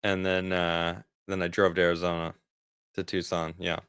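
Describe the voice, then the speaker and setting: A man's voice: low voice, level tone, moderate pace, a bit bright, smooth, dry recording, clean studio sound. A man in his forties, rambling in a casual livestream as he answers viewer chat, often laughing. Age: 40s. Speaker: streamer reading viewer chat.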